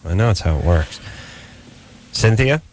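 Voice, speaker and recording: Low-voiced joking radio host man. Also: lively intonation, unhurried, a little mellow, slight background noise. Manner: loose, joking, rambling riffs and bits. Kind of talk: late-night call-in radio banter.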